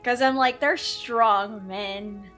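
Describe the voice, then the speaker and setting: A woman's voice: fairly high pitch, takes it slowly, fairly bright tone, soft background music. A woman streamer chatting casually with her viewers during a game stream, blunt and swearing freely. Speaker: VTuber streamer.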